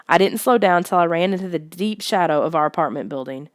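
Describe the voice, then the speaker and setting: A woman reading a first-person story aloud in steady, even narration. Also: fairly low pitch, quick pace, no room sound, studio quality. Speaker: audiobook reader.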